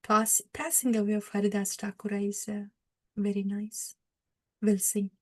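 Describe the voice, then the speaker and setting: A woman giving a devotional lecture, retelling a scripture story with many pauses and fillers. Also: mid-range voice, monotone. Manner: hesitant, many fillers, warm laughs. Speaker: devotional speaker.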